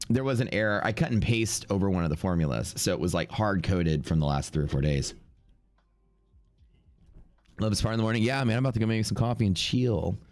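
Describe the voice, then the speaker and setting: A man's voice: fairly low pitch, expressive, fairly quick, darkish tone. A young adult man with sniffles, casually commentating a live trading stream and thinking aloud as he reads out numbers. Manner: offhand, thinking aloud while reading out numbers. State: congested with sniffles. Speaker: live-stream day trader.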